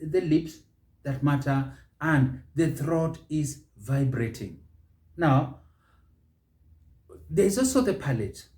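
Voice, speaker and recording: A man from Kenya gives a pronunciation lesson in a mellow, slightly high voice. He says each word slowly and repeats it several times for learners to copy. The room has a noticeable echo. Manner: slow, deliberate, repeats words for drilling. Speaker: pronunciation teacher.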